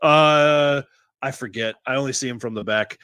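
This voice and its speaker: A man's voice: medium pitch, moderate pace, sharp tone, smooth, no echo. A man co-hosting a podcast, joking casually and laughing often. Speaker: podcast co-host. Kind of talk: casual comedic chat.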